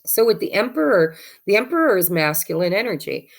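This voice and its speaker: A woman's voice: mid-range voice, very animated, a little fast, gravelly. A woman giving a chatty, encouraging tarot reading with spiritual advice. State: has the hiccups. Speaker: tarot reader.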